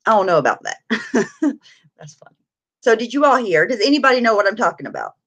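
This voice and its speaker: A woman's voice: medium pitch, big pitch swings, fast, fairly bright tone. Tired, chatty woman live-streamer. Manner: chatty, greets viewers by name, frequent laughs. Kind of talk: casual live-stream chat.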